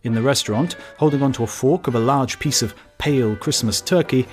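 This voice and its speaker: Steady male audiobook narrator. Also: medium pitch, a little fast, few pauses, faint music behind. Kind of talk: scripted narration.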